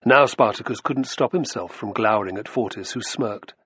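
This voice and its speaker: A man narrating an audiobook with a dramatic, expressive reading. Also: on the low side, normal speed, breathy edge, no echo. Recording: dull lo-fi dry recording.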